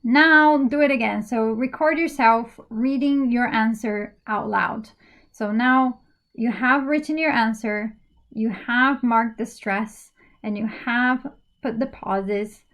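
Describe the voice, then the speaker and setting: A woman's voice: on the high side, slow pace, dull audio. A woman teaching an English speaking-exam lesson, explaining practice steps patiently with frequent ums and uhs. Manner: patient, step-by-step instruction with many fillers.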